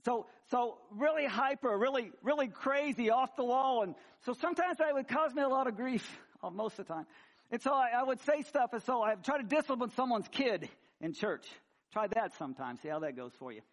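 Male preacher, high voice, animated sermon delivery, conversational and joking between points. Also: a little fast. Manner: animated preaching, swinging from loud emphasis to quiet asides; conversational, with frequent restarts and humor. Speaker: pastor. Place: church sanctuary.

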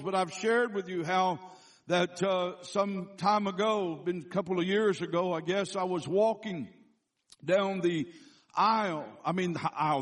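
A man preaching as a guest speaker, telling a story with frequent restarts and self-corrections, slowing down to stress scripture. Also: high-pitched. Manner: slows down for emphatic scripture quotes. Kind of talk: sermon.

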